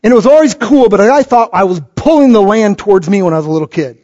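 A middle-aged man preaches as pastor, talking fast in an expressive, high-sitting voice with a slightly mellow quality. He animates his stories and performs quoted voices, captured on a dull lo-fi recording.

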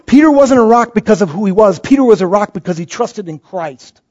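A man's voice: high-pitched, expressive, brisk, a little mellow. A middle-aged man preaching a sermon as pastor, telling stories animatedly and acting out quoted voices. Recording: dull lo-fi recording.

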